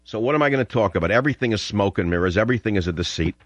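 An older man holds forth on his radio talk show, drifting from topic to topic and flaring into combative rants. His voice sits low, and the sound is dry and a bit dull. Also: lively intonation, rapid-fire, no room sound. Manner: combative, rambling, ranting. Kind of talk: opinionated radio monologue.

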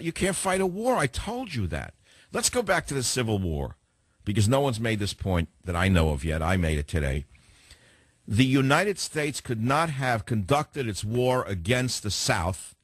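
A man with a New York accent hosting a talk radio show, delivering a fast, combative opinion monologue with lots of repetition. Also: on the low side, slightly rough, no echo.

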